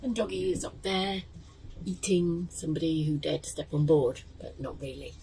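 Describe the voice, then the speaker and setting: A woman's voice: lowish voice, fairly even intonation, moderate pace, creaky, mellow, a little hiss or hum, low-quality recording. A tired woman chatting casually in a self-deprecating way for her vlog, talking from a sailboat. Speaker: vlogger. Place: on a sailboat during a storm.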